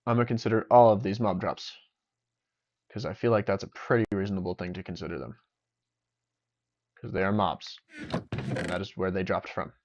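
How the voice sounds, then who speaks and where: A man's voice: low voice, steady tone, normal speed, pauses often, darkish tone. A young man chatting casually while streaming a game, rambling and joking to himself. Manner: rambling, joking self-talk. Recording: dull lo-fi sound.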